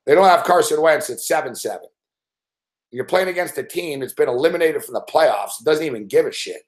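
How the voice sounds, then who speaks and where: Man ranting about betting picks, fed-up and cursing a lot, swooping lively pitch, fairly high voice. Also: fairly quick. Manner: profane, exasperated ranting. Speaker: sports betting analyst. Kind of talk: live-stream betting rant.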